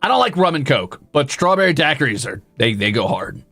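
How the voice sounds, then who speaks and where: Over faint background music, a man with a slightly high, pushed and bright voice talks fairly quickly with big pitch swings, and there's no room sound. He's livestreaming, chatting casually with his viewers, rambling and making self-deprecating jokes.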